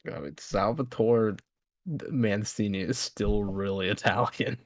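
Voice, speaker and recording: A man co-hosting a podcast in casual chat, teasing his co-host with deadpan jabs. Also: lowish voice, a little slow, dry recording.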